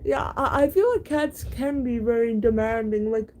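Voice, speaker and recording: A woman's voice: on the high side, moderate pace, darkish tone, low-quality recording. A young woman chatting casually to her viewers, stammering and restarting her words with frequent giggles. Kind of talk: casual chat.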